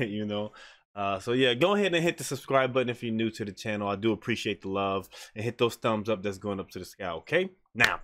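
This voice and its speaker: A man hosting an anime reaction channel, talking in slangy, excitable casual commentary and laughing often. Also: lowish voice.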